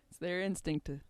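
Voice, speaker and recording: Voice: mid-range voice, clean tone. A podcast co-host chatting casually, mostly adding brief agreeing interjections. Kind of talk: casual chat.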